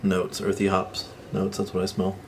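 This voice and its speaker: A man's voice: deep voice, monotone, normal speed, slight background noise. A man hosting a beer tasting, reading tasting notes aloud and steering the talk along. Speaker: host. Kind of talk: reading beer descriptions and casual chat.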